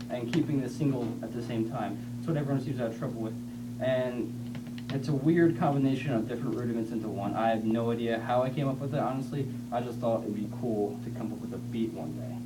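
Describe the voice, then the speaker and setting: A man's voice: mid-range voice, fairly quick, very noisy. Man teaching drums from across the room. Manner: relaxed, rambling, repeats himself. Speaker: drum teacher. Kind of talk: casual drum lesson demo. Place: room with a drum kit. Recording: distant camera mic, loud drums.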